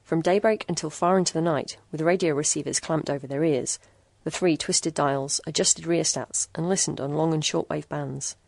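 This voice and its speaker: Brief: woman storybook narrator, low and gravelly, steady measured reading, dry close sound. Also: no room sound.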